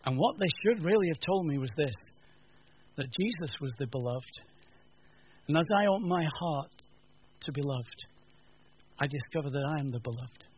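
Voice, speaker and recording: A man delivers a sermon, his voice sitting a touch high for a man. He tells stories with animated energy and voices the people in them. The recording sounds dull and lo-fi, with a faint hum of room noise behind him. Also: normal speed. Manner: storytelling, animated retelling with quotes. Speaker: preacher. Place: church teaching session.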